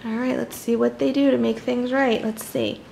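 A young woman reading a picture book aloud to children, with chatty, animated asides to her little listeners. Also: fairly high pitch, normal speed, creaky, slight background noise. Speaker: children's storybook reader.

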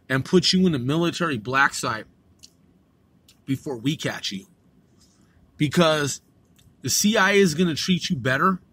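A man from the United States hammers out a profane, aggressive monologue and circles back to the same threats again and again. His voice is sharp and forceful, with a husky grain and a pitch sitting a little above the usual. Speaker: host. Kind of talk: angry monologue.

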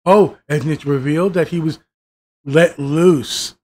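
A man's voice: fairly high pitch, fairly even intonation, measured pace, a little mellow. A man giving a profane, exasperated review of a TV season, swearing constantly and mocking the characters' lines. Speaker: show reviewer.

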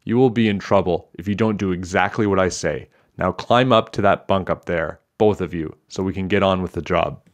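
A man's voice: low-pitched, brisk, hardly any pauses, lightly acted. A man doing a pompous, overly polite hijacker. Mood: boastful. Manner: overly polite, then blustering.

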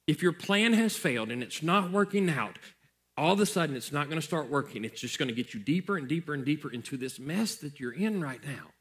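A man's voice: on the high side, lively intonation, fairly quick, a bit bright. A male pastor preaching a sermon in a conversational way, repeating phrases for emphasis.

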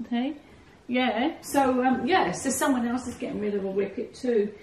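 A woman's voice: a little high, normal speed, a little mellow, slight background noise. A woman chatting casually to camera from her couch at home, laughing often and coaxing her dogs to settle between remarks. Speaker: vlogger. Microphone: camera set a few feet away. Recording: roomy, from a distance.

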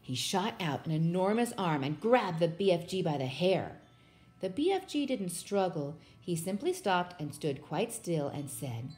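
A woman with a lowish voice reads a children's storybook aloud, steady and expressive. Soft music plays faintly behind her. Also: a little slow. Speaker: storybook reader. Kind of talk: children's book read aloud.

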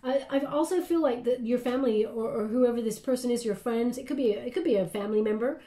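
A woman's voice: on the high side, fast talker, warm tone. Chatty woman tarot reader, roomy echo. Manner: chatty and meandering, often checking in with "okay?". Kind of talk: casual spoken tarot reading.

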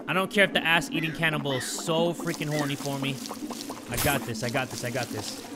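A young man giving excited gameplay commentary, swearing often and talking to his viewers, swinging between hyped yelling and muttered counting. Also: fairly high pitch, brisk, loud music behind the voice. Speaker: gaming YouTuber.

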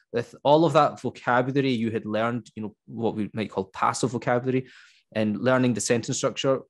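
Scottish man from Glasgow, English teacher, animated and chatty, medium pitch. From Scotland. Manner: lively, asks rhetorical questions. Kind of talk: casual conversation.

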